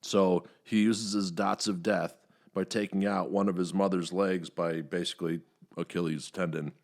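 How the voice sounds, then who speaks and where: A man's voice: fairly even intonation, moderate pace, darkish tone. A man hosting a podcast, recapping a movie in a casual, rambling way, with many fillers and some swearing. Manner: rambling, many "uh" fillers, profane, acts out quotes in higher voices. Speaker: podcast host reviewing a movie.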